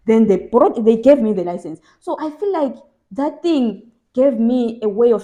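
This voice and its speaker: A woman's voice: a little high, expressive, normal speed, dark tone. A young woman from South Africa giving casual advice in a vlog, emphatic and repeating phrases for stress. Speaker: vlogger.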